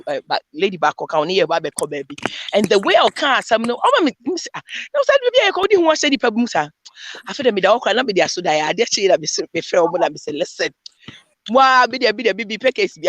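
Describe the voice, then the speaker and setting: A woman, a panelist in a casual group discussion, telling animated stories and mixing in Twi phrases. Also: mid-range voice, dry recording, poor audio.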